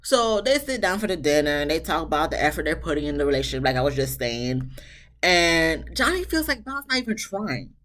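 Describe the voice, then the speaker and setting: Casual reviewer, woman, low voice; chatty episode recap with blunt side rants aimed at the cast. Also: very animated, brisk, fairly bright tone. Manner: chatty, candid, breaks off to vent at the cast. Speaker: TV show reviewer. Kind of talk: casual reality-TV recap commentary.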